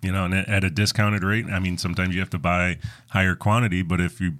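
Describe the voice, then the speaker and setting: A man's voice: deep voice, flat delivery, quick pace, fairly bright tone. A man co-hosting a casual chat about his parts manager job, laid back and hesitant.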